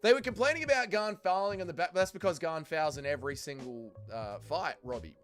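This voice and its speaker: A fairly high-voiced Australian man chatting on a livestream, blunt and rambling, tossing in "mate" and the odd swear word. Faint music plays underneath his voice. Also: expressive, fast. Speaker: MMA livestream host reading chat. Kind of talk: casual livestream chat.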